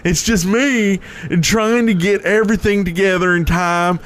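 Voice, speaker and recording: A man doing a campy flirty reader, teasing, theatrical, a bit raised in pitch, podcast gag. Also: steady tone, measured pace, a bit bright, a little hiss or hum. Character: campy flirty man reading show notes.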